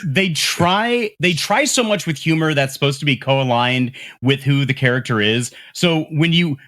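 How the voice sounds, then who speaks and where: A man's voice: medium pitch, a bit bright. A man co-hosting a movie podcast, chatting casually, often restarting sentences as he works out his point. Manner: hesitant starts, repeats words while gathering thoughts. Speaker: podcast co-host. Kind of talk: casual movie review chat.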